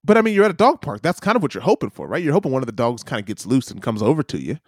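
A man's voice: medium pitch, sing-song, rapid-fire, no echo, clean studio sound. A man co-hosting a podcast, chatting casually and teasing, laughing often. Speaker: podcast co-host. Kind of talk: casual chat. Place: lives in Wellington.

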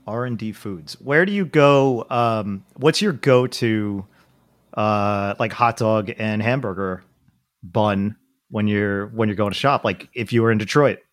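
A man from the US East Coast co-hosting a casual chat, easygoing with deadpan jokes and a lot of fillers. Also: fairly low pitch, measured pace, dry recording, clean studio sound. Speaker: podcast co-host.

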